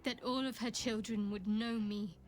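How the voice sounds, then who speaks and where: A woman voicing a guarded young female cleric in a video game, speaking in a measured, restrained, somber way. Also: mid-range voice, fairly even intonation, close to an everyday voice.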